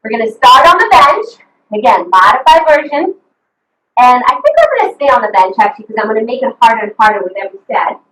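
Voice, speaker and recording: A high, lively woman's voice coaching a workout class over a video call, upbeat and encouraging, letting out whoops between cues. She sounds distant from the mic, with the echo of a room at home around her. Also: fast talker. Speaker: fitness coach. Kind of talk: live online workout instruction.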